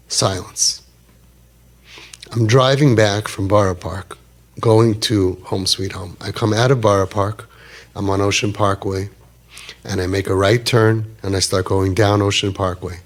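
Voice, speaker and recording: A man's voice: lowish voice, fairly even intonation, unhurried. A man in his fifties telling a personal story animatedly, peppered with Yiddish and Hebrew words. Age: 50s. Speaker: storyteller speaker.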